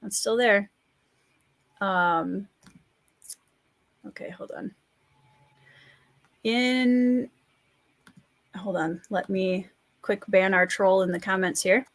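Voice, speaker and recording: A woman's voice: medium pitch, fairly even intonation, takes it slowly, pauses often, no echo. Chatty woman with a Minnesota accent. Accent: Scandinavian Midwestern American. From rural Minnesota, US. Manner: chatty, laughs often, reads out viewer comments. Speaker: livestream host and writer. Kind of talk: relaxed live-stream chat.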